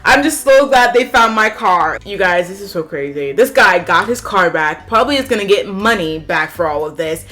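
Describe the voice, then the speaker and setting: A woman reading online posts aloud and reacting to them, with animated, sassy outbursts and big jumps in pitch. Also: normal speed, hardly any pauses. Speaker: YouTuber.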